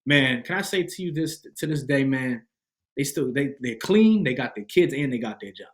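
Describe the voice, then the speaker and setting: A young man from Rhode Island, a podcast guest and motivational speaker, telling a personal story in an animated, emphatic, slangy way. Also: mid-range voice, moderate pace.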